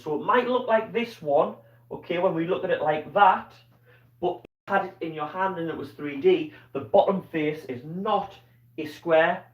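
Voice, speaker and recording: A man with a Scottish accent teaching a live online maths lesson, explaining patiently step by step and checking in with "okay?". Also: a little high. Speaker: primary school teacher. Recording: dull, roomy sound from a distance.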